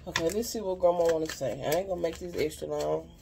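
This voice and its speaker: Fast and fry-tinged, a mid-range voice delivers a loose card reading right to viewers against a noisy background. The spiritual advisor is earnest and heartfelt, wandering off on tangents and repeating "you know what I'm saying" again and again.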